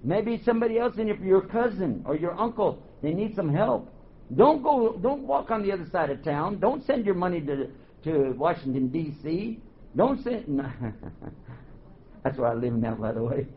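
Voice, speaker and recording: A man giving a religious lecture to a live audience, animated, quizzing the crowd and joking. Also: sits high, moderate pace. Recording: dull lo-fi recording, faint hiss.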